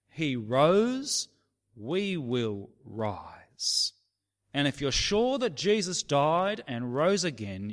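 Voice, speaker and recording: A man delivers a sermon at an unhurried pace, his pitch rising and falling with lively emphasis. He leans on key words and sometimes sinks to a hush. His voice rings with the long reverb of a large hall. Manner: slow, emphatic preaching with dramatic drops to a hush. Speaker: preacher.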